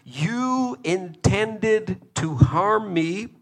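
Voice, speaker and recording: Preacher doing a forgiving biblical man, raised pitch, slow and earnest. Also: gravelly, a bit bright, full character voice. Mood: reassuring. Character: forgiving biblical man reassuring his brothers.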